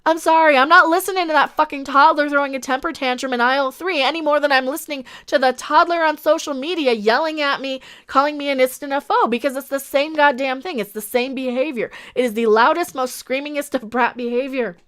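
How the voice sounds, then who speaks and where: High-pitched ranting woman streamer. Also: a little fast, hardly any pauses, fairly bright tone. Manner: impassioned, ranting, reads viewer comments aloud. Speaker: livestream host. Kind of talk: casual commentary livestream.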